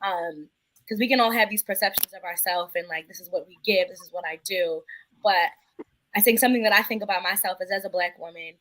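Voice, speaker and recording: A woman's voice: on the low side, brisk, a bit bright, no echo, poor audio. A woman who works in nonprofits, speaking reflectively in a casual podcast discussion. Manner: thoughtful, reflective. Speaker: nonprofit worker.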